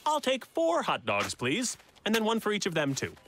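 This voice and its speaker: An actor voicing a relaxed, easygoing father in a cartoon. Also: high-pitched, normal speed, soft background music, heavily acted.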